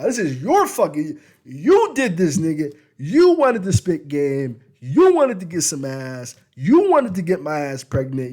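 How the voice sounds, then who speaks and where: A man's voice: breathy edge, exaggerated voice. A man voicing a furious, resentful young mother who swears constantly. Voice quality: shrill, swearing.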